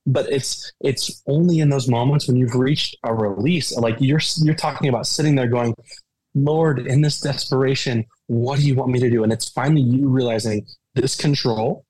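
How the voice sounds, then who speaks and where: Male podcast guest, earnest and animated, medium pitch, dry studio sound. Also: normal speed, no room sound, rough recording. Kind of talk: conversational interview.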